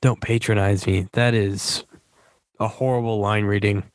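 A man's voice: lowish voice, steady tone, unhurried, dry recording. A man giving casual, blunt movie commentary as a podcast host, swearing and scoffing often.

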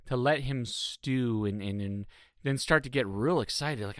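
A man's voice: mid-range voice, measured pace, clean tone, no echo, studio quality. A man co-hosting a podcast, giving blunt opinions in casual chat and swearing freely. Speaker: podcast co-host. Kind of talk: casual chat recapping a reality show.

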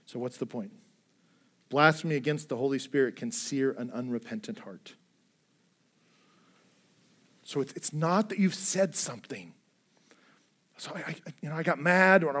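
High-voiced earnest male preacher. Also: moderate pace, long pauses. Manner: earnest preaching, swinging between hushed and emphatic. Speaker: pastor. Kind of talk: sermon.

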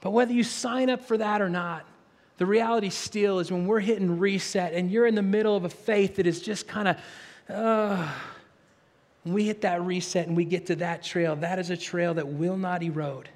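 In a large hall with long reverb, a male pastor whose voice sits high preaches at normal speed. He tells stories earnestly and with animation, restarting with stammers, and finishes by leading a prayer.

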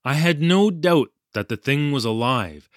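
A man's voice: on the high side, animated, measured pace, fairly bright tone, no echo, studio quality. An actor playing a flustered young male English teacher in Japan, telling his ordeal in a wry, self-deprecating way. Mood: recounting. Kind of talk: audio drama storytelling narration.

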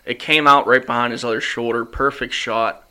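Animated man telling a hunting story. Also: medium pitch, moderate pace, clean tone. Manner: animated storyteller, acts out quotes, laughs often. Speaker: podcast host. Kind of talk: casual hunting story chat. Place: studio.

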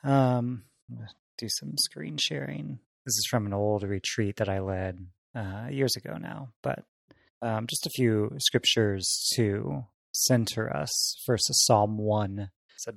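Gravelly man leading a class. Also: medium pitch, no room sound, studio quality. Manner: thoughtful, halting, with fillers. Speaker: class leader. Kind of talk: casual class discussion and reading aloud.

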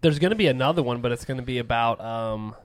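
A man's voice: medium pitch, quick pace, no echo. A young man co-hosting a casual podcast chat, teasing his friends with jokes. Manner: joking, teasing banter. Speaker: podcast co-host.

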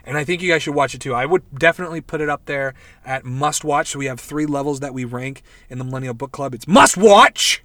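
A man's voice: mid-range voice, quick pace, few pauses, no echo. Rambling, profane young man recapping a show. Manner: rambling, profane, animated retelling with quoted voices. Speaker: podcast host reviewing a show. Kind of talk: casual chat.

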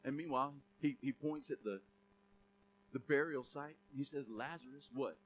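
A man's voice: a little high, steady tone, normal speed, fairly bright tone, slight background noise. A middle-aged man preaching a sermon in a conversational, joking way, full of asides and laughter. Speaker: pastor.

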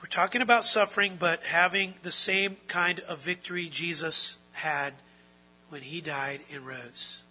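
A male pastor delivers an emphatic sermon, repeating his key phrases for weight. His voice sits high and sounds forceful and sharp, with a husky edge. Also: fairly even intonation, a little slow, rough recording.

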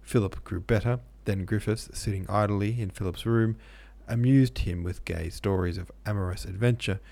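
A man reads a classic novel aloud as a podcast host. His voice is low and gravelly with frequent fry. The delivery stays steady and measured. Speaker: podcast host and audiobook narrator. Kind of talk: scripted narration of a classic novel.

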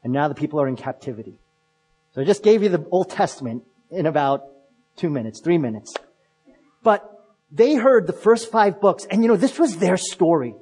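A male pastor preaching a storytelling sermon, his voice somewhat high and husky. He acts out quotes, dropping to a hush and then swelling again. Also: very animated, normal speed, faint music behind, rough recording. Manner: storytelling, acting out quotes with shifts in volume.

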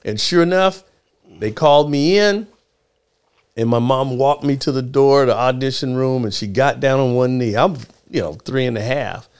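A man's voice: mid-range voice, moderate pace, smooth. A middle-aged man telling a story from his childhood in a casual chat, acting out the people in it with changing voices. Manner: animated storyteller acting out quotes in shifting voices. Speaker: guest, former child actor.

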